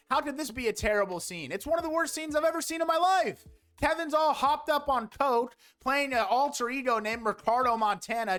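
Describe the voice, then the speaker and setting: A man's voice: high-pitched, a bit bright. A young man giving a casual, exasperated movie review, sarcastic and swearing often.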